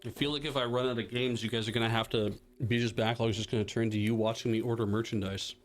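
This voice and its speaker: A man's voice: mid-range voice, steady tone, quick pace, soft background music. A man hosting a livestream, chatting casually and rambling while he unboxes and plays games, joking at his own expense and swearing now and then. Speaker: livestream host.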